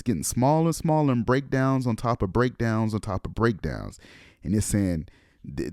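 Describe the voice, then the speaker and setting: A very deep-voiced man lectures casually, swearing freely and dropping into slang between thoughts. He pauses often on "um", and his voice sounds close and dry, with no room around it. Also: darkish tone, no room sound. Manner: loose, profane, slangy talk with many ums; slows down to read passages aloud. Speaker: occult lecturer, channel host.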